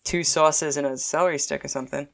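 A woman chatting casually as a co-host, telling animated stories and laughing often. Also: deep voice, fast talker, gravelly. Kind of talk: casual chat.

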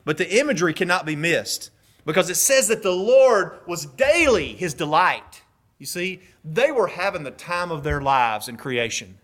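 A man preaching a sermon in an animated way, swinging between soft and loud and briefly acting out voices. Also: sits high, normal speed. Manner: acts out voices in brief quotes.

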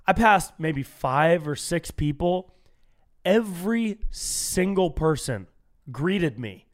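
A young man from California hosting a solo comedy podcast, telling casual stories and acting out strangers he quotes. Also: slow pace. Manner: animated storytelling, acts out quoted strangers in higher voice.

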